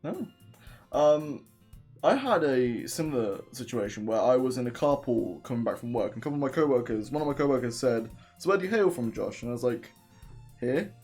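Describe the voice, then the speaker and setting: A man's voice: mid-range voice, sing-song, brisk, a little mellow, slightly rough, soft background music. A young man from England with a southern English accent, chatting casually and joking while streaming a game. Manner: joking, rambling, swears freely.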